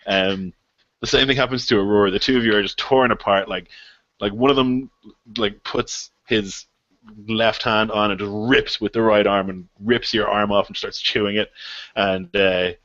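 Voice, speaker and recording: A man's voice: fairly low pitch, fairly even intonation, normal speed, a bit bright, no echo, dull audio. A man narrating a tabletop game as game master, talking casually with lots of fillers and laughs.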